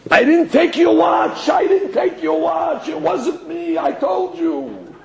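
A man voicing an indignant middle-aged man who shouts accusations of theft. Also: very high-pitched, lively intonation, normal speed, gravelly, dull audio, background noise, pitched above the performer's own voice, full character voice. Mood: frantic shouting.

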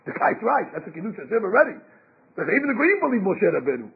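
A man giving an animated Torah sermon, emphatic and acting out quotes, with Hebrew terms mixed in, on a lo-fi phone-like recording. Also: high-pitched, fast talker, breathy edge. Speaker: rabbi giving a Torah class.

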